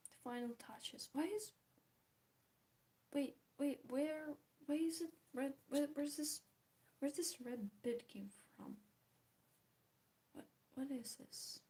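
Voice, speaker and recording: A woman talks casually as she paints, teasing herself and now and then sinking into a soft whisper. Her voice sits a little high and sounds mellow. The talk is loose and chatty. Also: takes it slowly, pauses often. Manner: chatty, self-mocking, drifts into soft whispers. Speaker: art vlogger. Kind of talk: casual chat while painting.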